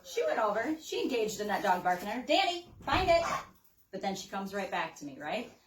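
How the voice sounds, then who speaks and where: A woman dog trainer giving an upbeat hands-on demo, calling out sharp high praise to a dog as she works. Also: lively intonation, quick pace, background noise. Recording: roomy, mic at a distance.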